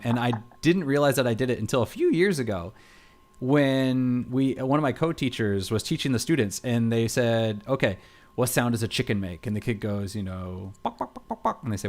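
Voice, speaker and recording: A man co-hosting a casual podcast chat, telling stories in a relaxed, rambling way with plenty of fillers, speaking into a headset mic at home. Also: mid-range voice, brisk. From United States. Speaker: podcast co-host. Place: home studio.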